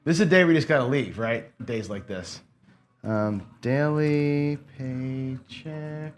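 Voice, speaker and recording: A man's voice: medium pitch, takes it slowly, slight background noise. Frustrated man griping through casino commentary. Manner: rambling, profane, talks to himself while playing. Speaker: gambling channel host. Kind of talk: casual play-by-play commentary.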